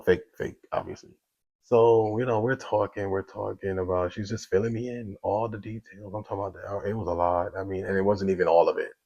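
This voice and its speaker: A young adult man recounting a personal story in a low voice with a gravelly edge. His delivery is loose and conversational, packed with fillers. He acts out both sides of remembered conversations as he goes. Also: darkish tone, muffled recording. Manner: conversational, full of fillers and quoted back-and-forth. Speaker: storyteller sharing a personal testimony. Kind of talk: casual spoken storytelling.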